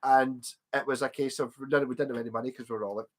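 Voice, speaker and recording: A man's voice: mid-range voice, fairly even intonation, quick pace. A Scottish man in his forties hosting a livestream, chatting casually and telling rambling anecdotes with a chuckle. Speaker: livestream host.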